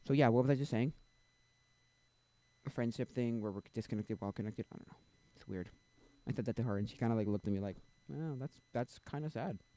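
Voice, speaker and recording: A man's voice: fairly low pitch, fairly even intonation, fast, long pauses, dark tone, no room sound. A young man streaming, chatting casually and rambling, often losing his train of thought. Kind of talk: casual chat.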